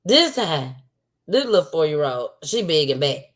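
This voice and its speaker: A woman's voice: low voice, very animated, moderate pace. A woman hosting a casual livestream talk show. She talks outspokenly and repeats points for emphasis.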